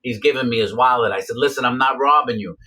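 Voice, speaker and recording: A man casually recounting his own past, rambling with lots of fillers and repeating himself. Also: quick pace. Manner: acts out quoted voices with sharp pitch jumps. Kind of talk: casual first-person storytelling.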